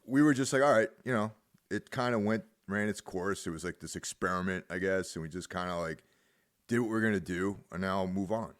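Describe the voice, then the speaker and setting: A man with a very low voice hosts a casual chat in an easygoing way. His sentences drift off softly at the ends. The recording is dry and close. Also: brisk, dry recording. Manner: laid-back, trailing off softly. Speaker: podcast host, musician.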